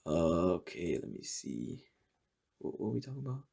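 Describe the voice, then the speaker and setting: Gravelly, husky young man swearing casually. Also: low voice, very animated, moderate pace, a little mellow. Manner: rambling, heavy swearing, laughs at own jokes. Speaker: podcast host. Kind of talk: casual solo podcast monologue.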